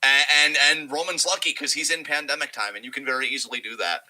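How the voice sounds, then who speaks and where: A young man co-hosting a wrestling podcast, talking casually and profanely and slipping into quick impressions of wrestlers. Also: mid-range voice, pushed and bright, poor audio. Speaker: podcast co-host.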